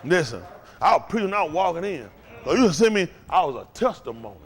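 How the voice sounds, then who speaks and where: A very animated man preaches a fiery call-and-response sermon in a house of worship, his high, soaring voice constantly leaping and plunging in pitch as faint music plays behind him. He speaks fairly quickly, swinging between shouted peaks and low, intense murmurs, with a folksy, repetitive cadence that rises and recedes.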